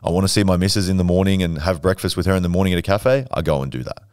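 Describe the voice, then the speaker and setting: A man's voice: low-pitched, rapid-fire, darkish tone, clear, resonant tone, dry recording, studio quality. A young man in his twenties, a fitness coach telling brash, profane stories in casual podcast chat. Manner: brash, profane, boastful storytelling. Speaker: podcast guest.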